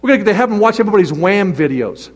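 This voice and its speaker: A male pastor preaching a sermon, animated, acting out little voices and reading scripture aloud. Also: high voice, very fast. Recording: long reverb of a large hall.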